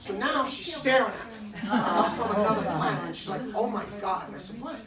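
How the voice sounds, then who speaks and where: A man's voice: sits high, fairly quick, reverberant, distant mic, low-quality recording. A man giving emotional remarks at a community gathering, telling a personal story and acting out the dialogue in it. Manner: animated, acts out quoted dialogue. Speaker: dog owner giving remarks. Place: hair salon gathering, indoors. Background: crowd of listeners.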